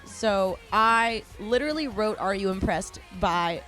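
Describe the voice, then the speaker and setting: A woman's voice: mid-range voice, measured pace, faint music behind. A woman, a band's lead singer, chatting in an interview and telling stories with frequent laughs. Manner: chatty, laughs often, lively storytelling. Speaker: band vocalist guest. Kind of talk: casual interview chat.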